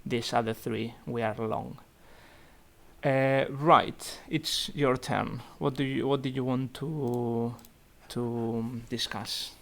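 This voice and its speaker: Young man, video call, slow halting delivery, lots of fillers, portfolio review. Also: mid-range voice, steady tone, vocal fry, fairly bright tone. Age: young adult. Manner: halting, thinking aloud with many fillers. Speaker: student investment society organiser. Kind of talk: virtual meeting portfolio review. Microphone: computer mic on a video call.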